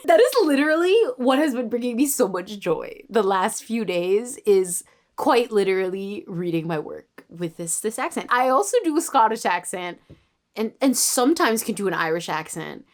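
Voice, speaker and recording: A young Canadian woman in her twenties talks late at night for a writing vlog. She sounds tired and chats casually in a self-mocking way, often sinking into a near-whisper. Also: medium pitch. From Toronto, Canada. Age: 20s. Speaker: writer and vlogger.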